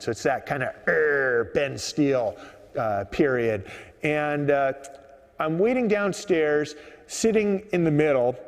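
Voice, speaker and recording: Man rambling a story on a subway platform. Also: on the high side. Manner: rambling, many uh fillers, relaxed. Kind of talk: live storytelling monologue. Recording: echoey underground platform.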